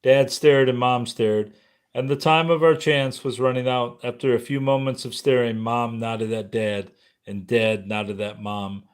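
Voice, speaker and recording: A man narrating a memoir audiobook in a somber, measured way. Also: medium pitch, steady tone, clean tone.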